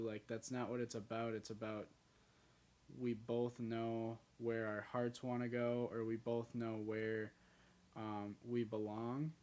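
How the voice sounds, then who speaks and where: A man co-hosting a podcast, talking in a hesitant, soft-spoken way with many "like"s and "um"s. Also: medium pitch. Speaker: podcast co-host. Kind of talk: casual chat.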